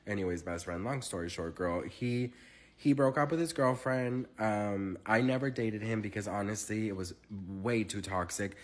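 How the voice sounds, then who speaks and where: A man's voice: on the low side, normal speed. Sassy, chatty young man telling a story. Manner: dramatic, sassy, full of fillers and asides. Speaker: celebrity gossip vlogger.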